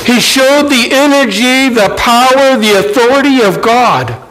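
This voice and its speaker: A man preaching a sermon, animated and acting out quoted lines in shifting voices. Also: very high-pitched, measured pace, slight background noise, low-quality recording. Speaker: pastor.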